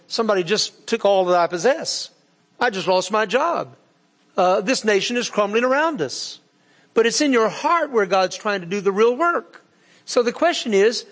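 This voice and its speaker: Folksy preacher, high, reverberant. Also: male voice. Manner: folksy, earnest delivery with frequent fillers. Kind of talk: sermon. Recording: long hall reverb.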